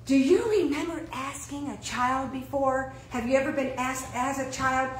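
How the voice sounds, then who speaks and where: A woman pastor preaching a sermon, animated and throwing questions out to her congregation. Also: high-pitched, normal speed, hardly any pauses, reverberant, slight background noise, low-quality recording.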